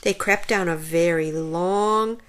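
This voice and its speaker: A woman reading a children's storybook aloud in an expressive, animated way. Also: on the low side, slow pace.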